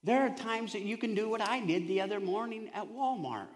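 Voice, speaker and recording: A male pastor preaching a sermon with animated storytelling, swinging from loud to hushed. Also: high-pitched, fairly quick.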